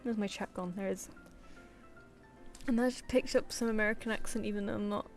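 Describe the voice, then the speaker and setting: A woman talks loosely while she draws at home, wandering from one thought to the next and muttering half to herself. Her voice sits at an ordinary middle pitch, with soft music playing faintly behind her. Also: fairly even intonation, a little fast. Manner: rambling, chatty, mutters to herself. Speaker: artist livestreamer. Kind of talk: casual chat while drawing. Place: home room.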